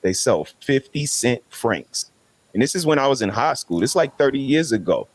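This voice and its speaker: A man's voice: medium pitch, big pitch swings, normal speed. A man, making emphatic, preachy points as a guest in a casual podcast discussion. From New York City.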